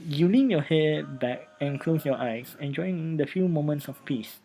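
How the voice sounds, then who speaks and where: A man's voice: fairly high pitch, animated, unhurried, mellow, low-quality recording. A man hosting a let's play, reading a text game aloud and often stumbling and repeating words.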